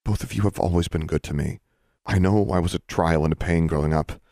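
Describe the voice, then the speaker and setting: A man reading aloud and voicing a sixteen-year-old girl who speaks quietly and earnestly. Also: low voice, fairly quick, vocal fry, dry recording, studio quality.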